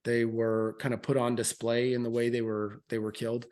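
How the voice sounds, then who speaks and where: A man's voice: mid-range voice, completely flat delivery, normal speed, darkish tone. A man in his thirties, a military veteran, speaking as a podcast guest in a frank, earnest way with loose fillers and restarts. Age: 30s. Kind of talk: candid interview storytelling.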